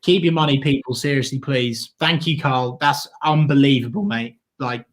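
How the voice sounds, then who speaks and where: A man's voice: mid-range voice, steady tone, normal speed. A man co-hosting a football watchalong, enthusiastically thanking donors and giving match updates. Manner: enthusiastic, reads out donations, shout-outs. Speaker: fan channel co-host. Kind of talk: casual watchalong chat.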